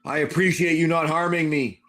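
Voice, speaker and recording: A man's voice: fairly high pitch, fairly even intonation, fairly quick, a bit bright, close to an everyday voice. A man voicing a timid, feminine-sounding plant creature that speaks in an apologetic, pleading way. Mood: grateful.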